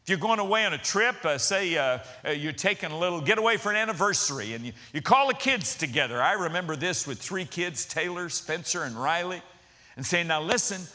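A man's voice: high-pitched, a little fast. A middle-aged man preaching a sermon as pastor, telling stories and acting out quotes in different voices. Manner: animated storytelling with voiced quotes.

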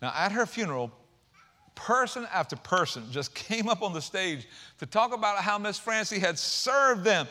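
A man preaching a sermon as pastor, animated, with folksy asides and rising emphasis. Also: high-pitched, normal speed.

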